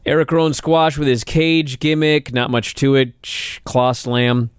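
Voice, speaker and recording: A man's voice: medium pitch, steady tone, measured pace, smooth, no echo, clean studio sound. A man co-hosting a podcast, giving a wry, running rundown of a wrestling show's segments in casual chat. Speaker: podcast co-host.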